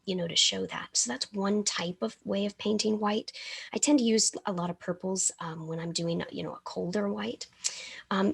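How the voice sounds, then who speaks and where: Gravelly breathy woman teaching painting. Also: medium pitch. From American South. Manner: chatty, self-interrupting, mumbles with brush in mouth. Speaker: miniature painting instructor. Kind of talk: live paint-along class.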